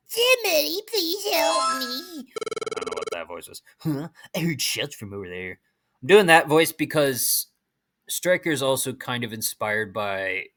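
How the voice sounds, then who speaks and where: A man's voice: medium pitch, fairly bright tone. A man commenting casually on a video game as he plays, chatty and rambling, often restarting his sentences, with game music behind him. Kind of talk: let's play commentary.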